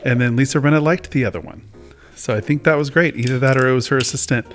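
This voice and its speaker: Guy hosting his own chat show, rambly and self-deprecating, soft music in the back. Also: medium pitch, quick pace. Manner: rambling, self-mocking, chatty. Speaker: host. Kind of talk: casual chat.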